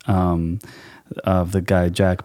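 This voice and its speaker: A man's voice: deep voice, little pitch movement, slow pace, a little mellow, dry recording, clean studio sound. A man guesting on a podcast as an actor, chatting casually and playfully, laughing often and slipping into impressions. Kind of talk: casual chat.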